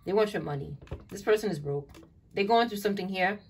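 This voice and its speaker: A woman's voice: mid-range voice, fairly quick, a little mellow. A woman giving an online tarot reading in a blunt, profane, exasperated way, often calling the listener "child". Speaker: tarot reader. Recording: distant mic, faint noise and clicks.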